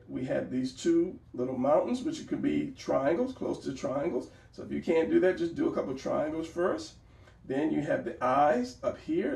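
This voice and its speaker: A man's voice: a little high, vocal fry, darkish tone. A man giving a casual drawing lesson, talking while he sketches, encouraging and repeating phrases, recorded by a camera some distance away. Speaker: art teacher. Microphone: camera mic at a distance. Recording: roomy, distant camera mic.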